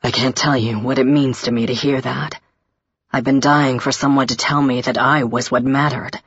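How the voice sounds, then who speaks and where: A woman narrator voicing a gentle, earnest young male prince who speaks softly and tenderly, on a dull lo-fi recording. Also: fairly high pitch, steady tone, normal speed, husky, no room sound. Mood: moved. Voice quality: soft-spoken, tender.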